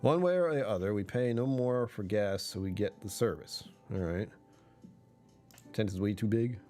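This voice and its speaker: Man, livestreamer, casual chat, rambling, self-correcting, chuckles mid-sentence, slightly low voice. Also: normal speed, darkish tone, faint music behind.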